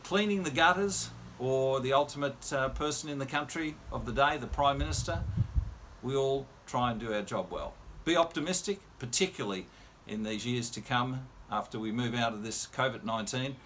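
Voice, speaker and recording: A man's voice: mid-range voice, moderate pace, fairly bright tone, a little hiss or hum. An older man from Australia, a radio presenter and MC telling a chatty anecdote in casual storytelling style, quoting the other people in dialogue.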